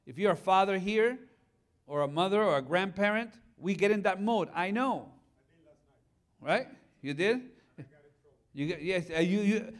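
A middle-aged male pastor giving a lively conference talk, chatting with the audience and asking them questions. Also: high voice, moderate pace. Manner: animated, conversational, asks the audience questions.

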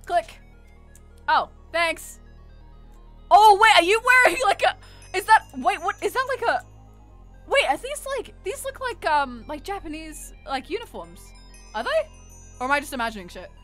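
An excitable woman chatting through a game stream, rambling and swearing freely. Her voice is high and bright and bounces all over the place, with faint game music behind. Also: moderate pace. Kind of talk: casual game stream commentary.

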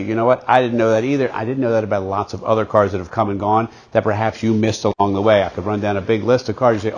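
A man's voice: mid-range voice, steady tone, fairly quick, hardly any pauses. A man hosting a car walkaround video, talking in an enthusiastic, chatty salesman manner. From United States. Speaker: car dealer host. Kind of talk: casual walkaround presentation.

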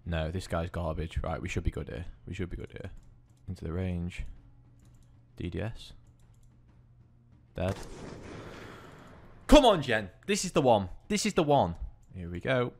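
A man hosting a gaming video, giving excitable gameplay commentary, swearing constantly and bursting into yells. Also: deep voice, measured pace, creaky, long pauses.

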